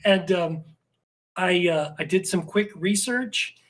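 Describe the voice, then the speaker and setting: A man's voice: high-pitched, slow pace, a bit bright, rough recording. A man talking as a podcast guest in a casual, rambling chat with many restarts and fillers. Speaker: podcast guest, script writer.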